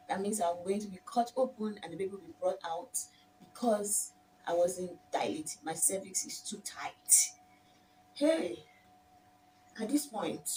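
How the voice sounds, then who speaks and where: A young woman with a Nigerian accent recounts her story in an emotional, animated way, with a mellow, dark tone. She sits some distance from the microphone, with a faint hiss of background noise behind her. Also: mid-range voice. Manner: emotional, animated, addresses viewers as "my dears". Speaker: vlogger. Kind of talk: personal storytelling.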